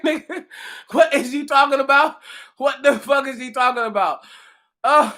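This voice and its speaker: A man ranting casually and profanely, mocking someone, often breaking into loud laughter and shouts while a little tipsy. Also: extremely high pitch, normal speed, long pauses. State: tipsy from drinking. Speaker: commentator reacting to a commenter. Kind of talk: casual reaction rant.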